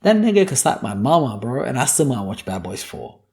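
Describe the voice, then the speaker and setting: A gravelly-voiced young man riffing alone on his podcast. He swears freely and jokes through his rant, with a mid-pitched voice. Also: very animated, brisk, darkish tone. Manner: profane, joking, ranting. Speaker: podcast host. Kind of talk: casual solo podcast monologue.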